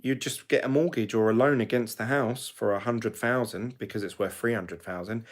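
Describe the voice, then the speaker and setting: A man's voice: medium pitch, steady tone, normal speed. A middle-aged man from the UK, talking to camera in a chatty, rambling way that often corrects itself. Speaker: crypto vlogger. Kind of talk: casual monologue to camera.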